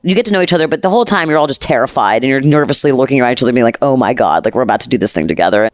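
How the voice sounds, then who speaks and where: A woman podcast host telling a story in casual chat, animated, dramatic and profane. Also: a bass voice, very fast, no echo, clean studio sound.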